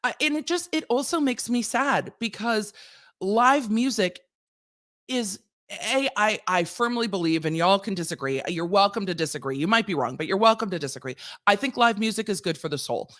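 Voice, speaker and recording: A woman's voice: medium pitch, animated, normal speed, fairly bright tone. A woman, a lawyer hosting her channel, ranting casually and animatedly with lots of rhetorical questions.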